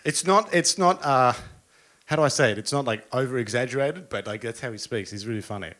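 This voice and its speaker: An Australian man chats casually as a guest DJ. He rambles through a travel story, restarting sentences and filling gaps. His voice sits at an ordinary middle pitch. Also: fairly quick, a bit bright. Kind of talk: casual chat.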